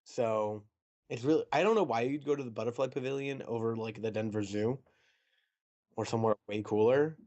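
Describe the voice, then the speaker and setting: A young man co-hosting a casual podcast, chatty and animated, with mocking asides. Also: medium pitch, brisk, muffled recording. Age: young adult. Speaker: podcast co-host. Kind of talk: casual chat.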